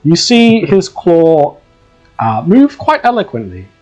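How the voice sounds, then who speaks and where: A man narrating a tabletop game as dungeon master, in a lively manner with frequent laughter. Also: high voice, slow, soft background music.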